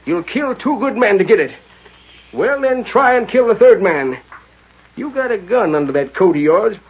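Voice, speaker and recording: A blustering old stage line owner in a vintage radio western, with a high, swooping, husky voice. His rustic drawl carries through a dull, lo-fi broadcast sound. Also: animated, normal speed. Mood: furious. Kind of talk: 1930s radio drama acting.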